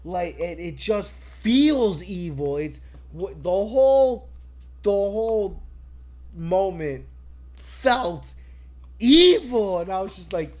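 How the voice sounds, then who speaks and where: A man on a casual wrestling podcast, excitable and profane, laughing often. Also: sits high, slow. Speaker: podcast co-host.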